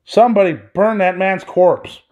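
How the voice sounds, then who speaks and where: A man's voice: sits high, unhurried, a little mellow. A man hosting his own podcast, delivering an angry, profanity-laden solo rant. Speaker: podcast host. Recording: dull lo-fi recording.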